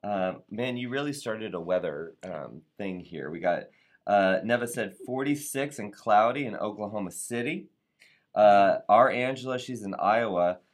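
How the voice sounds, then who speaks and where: A man's voice: fairly low pitch, lively intonation, measured pace. A man hosting a live show, reading viewer comments in an upbeat, playful way and sometimes tripping over words. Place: Atlanta area.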